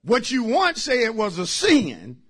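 High, husky preacher man. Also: wildly swooping pitch, takes it slowly, a bit bright. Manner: fervent, repetitive, talks straight to the congregation. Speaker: pastor. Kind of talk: sermon with personal testimony.

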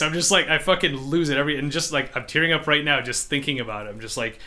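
Bright-voiced man rambling on a podcast. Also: a little high, fairly quick, few pauses. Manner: rambling, swears freely, emotional. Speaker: podcast co-host. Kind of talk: casual chat.

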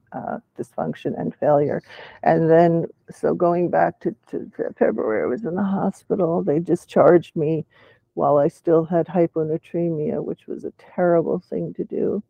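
A man in a casual chat who speaks haltingly and often restarts his sentences. He uses clinical terms, and his vocal cords are weak and do not close properly. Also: fairly high pitch, fairly even intonation, creaky, dry recording, lo-fi sound. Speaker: participant in a patient discussion.

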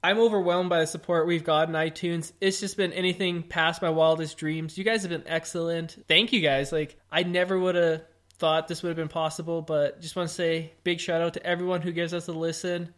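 A man's voice: a little high, flat delivery, brisk, fairly bright tone. A man co-hosting a casual podcast, enthusiastic and jokey. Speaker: podcast co-host. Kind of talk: casual chat.

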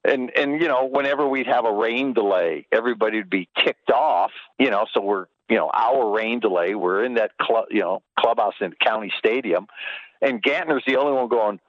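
A man's voice: lowish voice, normal speed, no echo, highs cut off. An older man from Los Angeles, a former baseball trainer, telling stories in a casual chat and putting on voices for the people in them. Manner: animated, puts on voices in anecdotes. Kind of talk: casual storytelling.

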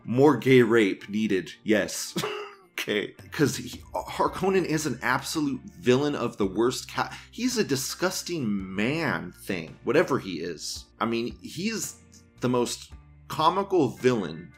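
Lively, crude, rambling male show host. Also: medium pitch, slow pace, soft background music. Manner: crude, rambling, laughs often. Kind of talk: casual ranting commentary.

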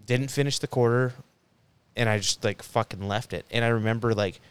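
A young man co-hosting a podcast round table spins a long, profane story in casual conversation, frequently starting his sentences over. He talks briskly in a mid-range voice that is clear and resonant, on a dry recording.

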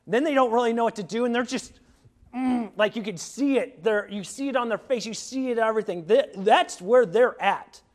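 A man's voice: very high-pitched, normal speed. A middle-aged man, a pastor, preaching a sermon in a conversational way, with many fillers and restarts.

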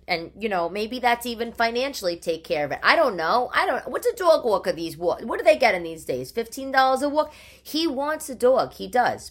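Woman podcaster rambling at home, bouncy pitch, firing off rhetorical questions. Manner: chatty and animated, with rhetorical questions. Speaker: podcast host. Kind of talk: casual monologue. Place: living room at home.

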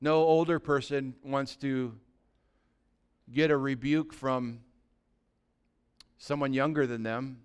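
A man preaching a conversational sermon as pastor, dropping to a soft, quiet voice when acting out gentle words. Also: mid-range voice, steady tone, slow, long pauses, clear, resonant tone. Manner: conversational preaching, drops to a soft voice for imagined dialogue.

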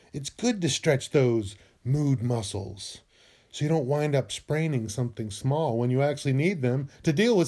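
A man hosts a podcast at an unhurried, deliberate pace. His voice sits a bit high and swoops freely up and down. He plays along with his own words, acting out mock laughter and crying. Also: darkish tone. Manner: playful, acts out emotions with mock laughs and sobs. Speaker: podcast host. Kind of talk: short scripted podcast monologue.

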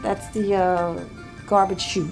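A woman's voice: mid-range voice, flat delivery, slow, gravelly, a little mellow, faint music behind. A woman co-hosting a podcast in frank, unrehearsed chat, talkative and earnest. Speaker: podcast co-host.

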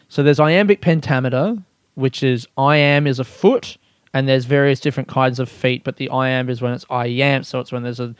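A man's voice: mid-range voice, clean tone, dry recording, clean studio sound. A young man, hosting his own podcast in loose, rambling chat, swearing and laughing at himself as he goes. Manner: rambling, swears, laughs often, self-mocking. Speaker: podcast host. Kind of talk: casual solo podcast chat.

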